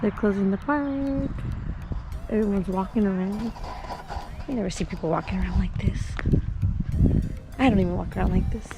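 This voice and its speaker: A woman in her thirties, a mother vlogging while sad from crying, talking softly and rambling with many fillers, outdoors in a small park on a phone. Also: mid-range voice, moderate pace, long pauses, music in the background. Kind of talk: casual vlog talk.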